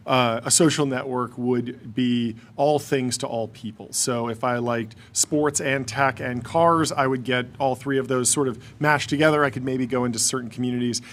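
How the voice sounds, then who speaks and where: A man with a mid-pitched voice co-hosts a casual tech podcast. He asks long, rambling questions and jumps in often with quick agreement. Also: fairly even intonation, fairly bright tone. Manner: eager, lots of quick agreement. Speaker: podcast co-host.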